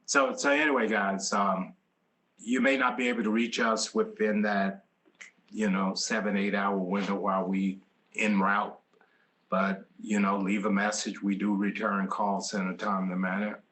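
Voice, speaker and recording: A man's voice: on the low side, little pitch movement, moderate pace, a bit bright. A man hosting a group phone call, affirming the callers in an easygoing way. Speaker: call host.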